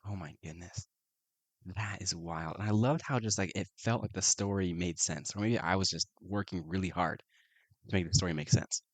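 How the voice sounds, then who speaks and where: Man, deep low voice, dry close sound, reading game prompts, excitable reactions. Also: a little fast, no echo. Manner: excitable, keeps saying oh my goodness. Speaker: solo tabletop RPG player.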